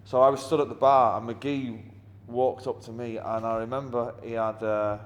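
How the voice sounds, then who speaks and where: A man's voice: mid-range voice, little pitch movement, normal speed. Blunt Mancunian man telling stories. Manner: blunt, heavy swearing, wry. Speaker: musician being interviewed. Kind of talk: anecdotal interview storytelling. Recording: long reverb with faint ambient noise.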